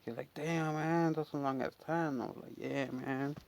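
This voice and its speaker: A man's voice: on the high side, fairly even intonation, moderate pace, creaky. A man telling a long, rambling, profane story from his neighborhood in a casual chat, full of fillers. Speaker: storyteller and channel host.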